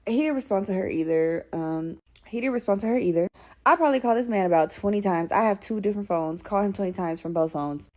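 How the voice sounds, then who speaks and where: A woman telling a story in a casual get-ready-with-me storytime, animated and slangy, swearing freely. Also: mid-range voice, fast talker.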